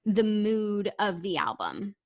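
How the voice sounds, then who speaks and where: A woman's voice: medium pitch, big pitch swings, slow, muffled recording. A young woman co-hosting a podcast, chatting in a rambling way with many restarts. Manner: rambling, self-interrupting, reads stories aloud. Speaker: podcast co-host. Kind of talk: casual chat.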